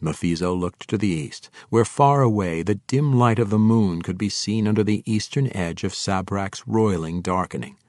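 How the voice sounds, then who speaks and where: A man reading a fantasy novel aloud in a steady, measured narration. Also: on the low side, no room sound, clean studio sound. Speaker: audiobook narrator.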